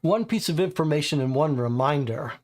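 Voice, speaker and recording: Guy reading game cards and working out the case, kinda high voice, talks in quick bursts. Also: lively intonation, a little mellow. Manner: reasons through clues in quick bursts. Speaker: board game player. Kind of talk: thinking aloud while reading game cards.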